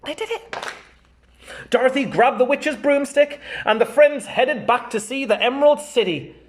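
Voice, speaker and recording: A man, a primary school teacher, reading a children's storybook aloud with animated, chatty asides to the children. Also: extremely high pitch, normal speed.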